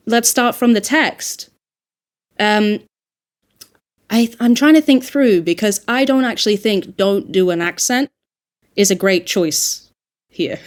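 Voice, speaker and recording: A woman who works as a dialect coach, talking through ideas aloud in a casual podcast discussion, emphatic and lively. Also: mid-range voice.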